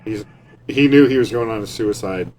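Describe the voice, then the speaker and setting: Laid-back, low-voiced male veteran. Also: moderate pace, a little mellow, a little hiss or hum. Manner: laid-back, conversational, casually profane. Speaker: army veteran. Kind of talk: casual chat.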